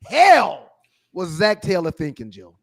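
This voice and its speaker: A man with a high-pitched voice co-hosts a sports talk podcast. He sets up topics and presses his partner with pointed questions, leaning on key words. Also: wildly swooping pitch, vocal fry, fairly bright tone. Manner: leading questions, deliberate stresses. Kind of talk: casual sports debate.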